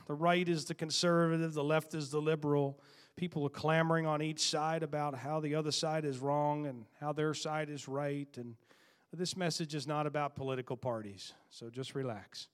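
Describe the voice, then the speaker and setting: A male preacher with a somewhat high voice delivers a sermon. He moves from scripture reading and prayer into emphatic, rising bursts. Along the way he teases his listeners with playful jabs. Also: clean tone.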